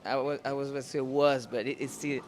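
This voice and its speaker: A man in his thirties with a French accent, a singer answering interview questions in a friendly, unhurried way while searching for words in English. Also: medium pitch, flat delivery, a little hiss or hum. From France. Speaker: singer and pianist. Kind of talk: casual interview.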